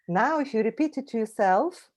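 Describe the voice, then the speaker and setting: A woman from Russia with a Russian accent, giving a friendly travel presentation that includes a short language lesson, repeating words slowly for the audience to copy. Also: on the high side, a little mellow.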